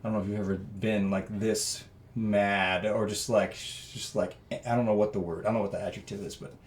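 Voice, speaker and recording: A man guest telling a personal story in an interview, earnest and rambling with many fillers, growing loud and animated at emotional moments. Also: lowish voice, a little fast, a little hiss or hum.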